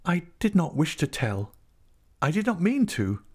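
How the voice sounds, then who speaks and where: A man's voice: big pitch swings, takes it slowly, darkish tone, husky, heavily acted. A man doing a pleading young woman. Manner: pleading, higher, earnest.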